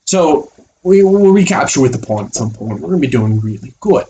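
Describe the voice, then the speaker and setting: A man as a chess coach giving an online chess lesson, animated and playful, acting out the pieces as little characters. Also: medium pitch, brisk, slight background noise.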